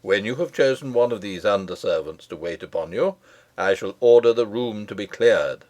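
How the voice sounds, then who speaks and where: A man's voice: lowish voice, lively intonation, normal speed, darkish tone. A man voicing a courtly knight captain who speaks with commanding gallantry.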